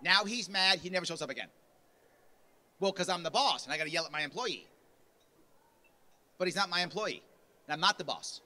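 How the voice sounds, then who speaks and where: Speaking briskly with long pauses, a man whose voice sits high and sharp, with lively intonation, rallies a convention lunch hall. It's a punchy motivational speech at a party convention, with quotes acted out at rising volume.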